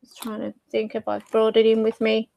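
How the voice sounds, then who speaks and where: A woman talks casually to her viewers as a psychic medium, often losing her thread and groping for words. Her voice sits a little high and comes across dry and close on a desk mic. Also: monotone, moderate pace, vocal fry, dark tone, no echo. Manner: rambling, searching for words, fillers and laughs. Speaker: psychic medium and channel host. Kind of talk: casual talk to camera.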